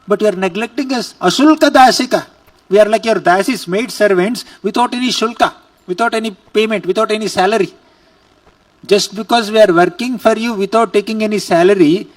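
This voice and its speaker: A man's voice: high voice, distant mic, pitched above the performer's own voice. A man voicing reproachful devoted village maidens. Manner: pleading, reproachful. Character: devoted young village women pleading with their god.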